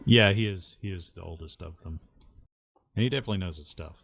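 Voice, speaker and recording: A man narrating as game master of a tabletop game, halting and full of uhs. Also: sits low, gravelly, fairly bright tone, muffled recording.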